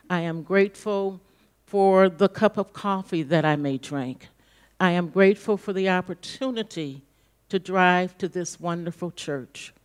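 A woman's voice: on the low side, clear, resonant tone. A woman in church leading a spoken gratitude prayer, meditative and repetitive.

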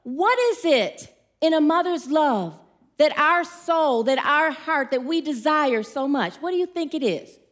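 A middle-aged woman with a notably high voice delivers a relaxed sermon. She tells stories in a chatty, playful way and invites the congregation to answer back. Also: measured pace. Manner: warm, chatty, playful storytelling with audience questions. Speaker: speaker at a church gathering. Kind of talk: informal sermon with congregation call-and-response.

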